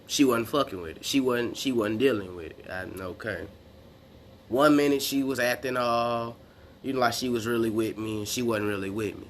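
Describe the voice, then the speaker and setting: A man's voice: medium pitch, normal speed, slight background noise. A young man rambling casually through a personal story, full of slang and restarts. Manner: rambling, slangy, retells exchanges in quotes. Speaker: vlogger.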